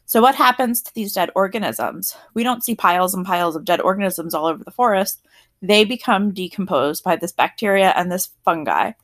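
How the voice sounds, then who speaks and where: A woman with a fairly low voice teaches a classroom science lesson. She explains things plainly and clearly, and she slows down when her students need to take notes. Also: animated, a bit bright.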